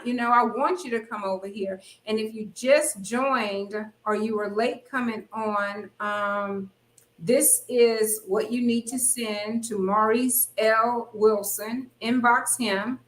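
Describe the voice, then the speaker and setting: A woman's voice: fairly high pitch, fairly even intonation, takes it slowly, reverberant, rough recording. Chatty woman hosting a live stream. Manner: chatty, reads viewer comments aloud. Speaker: host. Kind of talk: casual live-stream chat.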